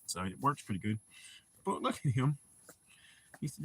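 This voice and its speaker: A man's voice: fairly low pitch, very animated, a little fast, background noise. A middle-aged man hosting a casual live stream, laid-back, swearing freely and laughing often. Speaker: livestream host.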